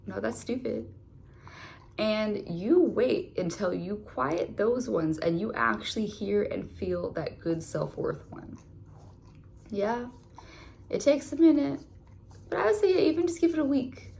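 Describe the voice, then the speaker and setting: Chatty woman with a gravelly voice. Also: fairly high pitch, lively intonation, a little slow, dark tone, a little hiss or hum. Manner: chatty, many filler words. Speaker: tarot reader. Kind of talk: casual tarot reading.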